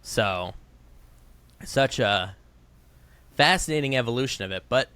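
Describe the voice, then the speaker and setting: A man's voice: mid-range voice, unhurried, pauses often, clean tone, no echo. A young man co-hosting a podcast in casual, joking chat. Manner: chatty, joking, lively. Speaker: podcast co-host.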